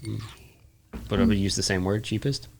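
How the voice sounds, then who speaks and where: A man's voice: on the low side, flat delivery, moderate pace, creaky, a little mellow, a little hiss or hum. A man hosting a podcast, teasing his guests in casual, laughing banter. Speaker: podcast host.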